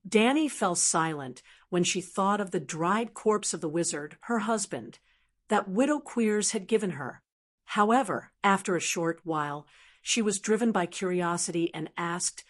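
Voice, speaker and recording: A woman narrating a fantasy audiobook in a steady, even reading voice. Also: medium pitch, measured pace.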